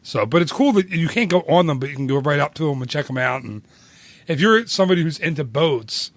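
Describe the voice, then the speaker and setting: A man's voice: a little high, animated, quick pace, no room sound. A man co-hosting a travel podcast, chatting casually in an enthusiastic, rambling way. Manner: enthusiastic, rambling, laughs often. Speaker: podcast co-host. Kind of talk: casual chat.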